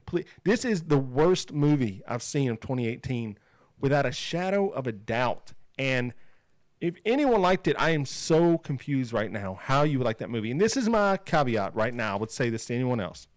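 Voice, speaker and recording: A man's voice: medium pitch, very animated, moderate pace, dry recording. A man co-hosting a casual podcast chat, talking emphatically and repeating himself as he rants. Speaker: podcast co-host.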